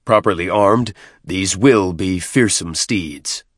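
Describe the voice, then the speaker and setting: A wounded clan chieftain, played by a man, curt and commanding while he is in pain, speaking slightly louder than the surrounding narration. The reading is recorded close and dry. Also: sits low, takes it slowly, no room sound.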